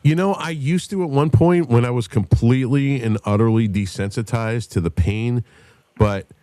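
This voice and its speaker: A man telling a profane story on a casual podcast, animated and loud in the telling. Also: mid-range voice, moderate pace, no room sound. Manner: animated storyteller, shouts when acting out others.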